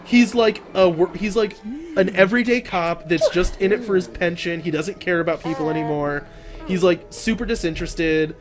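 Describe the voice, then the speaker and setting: A man hosting a casual podcast chat, animated and rambling with lots of fillers. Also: high-pitched, normal speed, loud music behind the voice. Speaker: podcast host.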